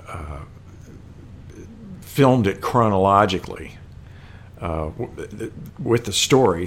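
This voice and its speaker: A man with a very low, deep voice talks through a film in relaxed conversation. He is thoughtful and halting, stopping often on fillers and restarting his sentences. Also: slight background noise. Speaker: film discussion co-host. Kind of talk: casual conversation.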